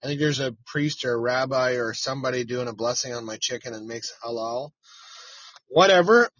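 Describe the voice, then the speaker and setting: A man's voice: mid-range voice, a little fast, a bit bright, no room sound, lo-fi sound. A middle-aged man, a chicken farmer hosting a casual live stream from his parked truck, rambling, cursing freely and chatting to viewers by name.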